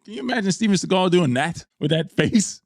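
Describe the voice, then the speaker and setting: Lively, laughing podcast co-host man. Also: high voice. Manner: laughing, animated, does quick impressions. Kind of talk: casual film podcast chat.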